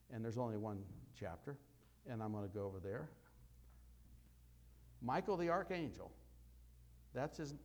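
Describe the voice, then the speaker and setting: Man preaching with loud dramatic bursts. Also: medium pitch. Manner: dramatic swings between loud emphatic and quiet asides. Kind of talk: sermon.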